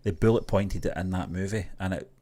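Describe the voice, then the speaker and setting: Lower-voiced man giving measured opinions. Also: mellow, a little hiss or hum. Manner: measured, hedged opinions with fillers. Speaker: co-host of a movie news show. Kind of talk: casual podcast chat.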